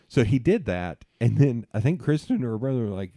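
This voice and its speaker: A middle-aged man, hosting a podcast and telling animated stories with plenty of swearing and laughter at himself. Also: medium pitch, brisk, dry recording, studio quality. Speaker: podcast host. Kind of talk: casual storytelling chat.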